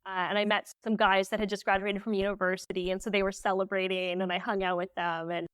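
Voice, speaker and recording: A woman guest on a podcast telling a story candidly, animated and full of "like" fillers. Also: mid-range voice, quick pace, clean tone, no room sound, studio quality. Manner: emotional when recalling.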